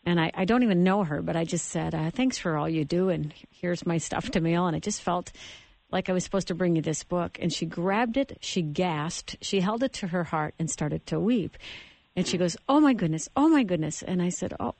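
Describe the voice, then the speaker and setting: A woman hosting a Christian radio interview, earnest and telling stories with halting restarts. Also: on the low side, vocal fry, darkish tone, dry recording. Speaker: radio show host.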